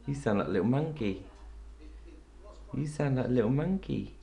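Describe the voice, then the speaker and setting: A woman filming her parrot at home, cooing to it in a sing-song baby-talk voice that jumps high, then chatting plainly to the camera. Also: lively intonation, a little slow, gravelly, warm tone. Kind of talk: casual home video chat. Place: at home beside a bird cage.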